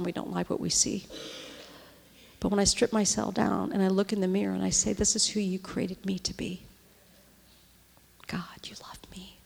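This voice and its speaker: A middle-aged woman preaching to a women's gathering, her voice carrying with a long reverb through a large hall. She talks conversationally and keeps checking in with her listeners. When she is moved she drops to a near-whisper. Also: medium pitch. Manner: conversational, often checks in with the audience. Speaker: women's ministry speaker. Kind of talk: sermon.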